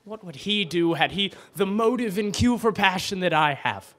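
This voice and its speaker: A man performing a brooding, self-reproaching young prince as a stage soliloquy at a bookstore open mic, swinging between hushed lines and loud outbursts. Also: high-pitched, expressive, normal speed, voice pushed up.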